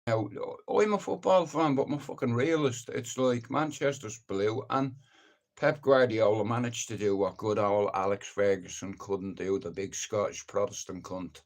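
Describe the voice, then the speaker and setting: A man's voice: mid-range voice, moderate pace. Blunt, sweary man. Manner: blunt, sweary, rambling, opinionated. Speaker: livestream host. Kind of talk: casual live-stream rant.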